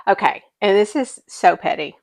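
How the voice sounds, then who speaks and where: A woman's voice: mid-range voice, normal speed, dry recording, studio quality. A woman co-hosting a podcast, telling stories in casual chat with mock exasperation. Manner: animated storytelling, mock-exasperated. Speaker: podcast co-host.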